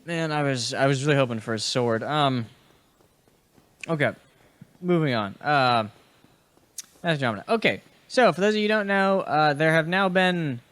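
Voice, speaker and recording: Rambling young gamer host, slightly raised voice, loose swearing commentary. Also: male voice, a little high, moderate pace, pauses often, a bit bright, smooth. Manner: rambling and chatty, with fillers and restarts; swears casually and talks to enemies on screen. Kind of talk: casual gaming podcast commentary while playing.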